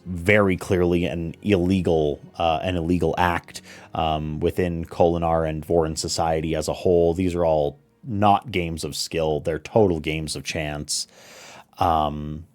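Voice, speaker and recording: A man narrating as game master of a tabletop role-playing game, relaxed with lots of fillers. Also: sits low. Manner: relaxed, many fillers and restarts.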